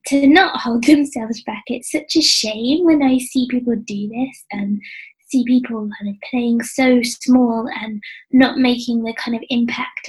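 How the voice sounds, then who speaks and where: A woman's voice: a little high, rough recording. A woman in her forties with an English accent and a youthful, almost childlike voice, talking casually and self-deprecatingly as a business coach in an interview, laughing often. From England. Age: 40s. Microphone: headphones with mic.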